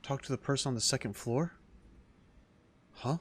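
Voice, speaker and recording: A man streaming a game in casual let's-play commentary, excitable and rambling, talking to his viewers. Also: medium pitch, normal speed, husky. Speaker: gaming streamer. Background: faint game music.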